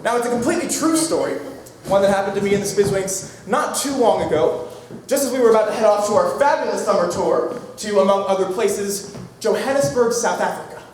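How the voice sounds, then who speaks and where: A young man narrating a comic story to a live audience, mock-grand and theatrical, with sudden shouted lines. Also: sits high, brisk, a little hiss or hum. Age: young adult. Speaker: narrator of an a cappella comedy skit. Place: performance hall. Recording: roomy hall from far off, crowd.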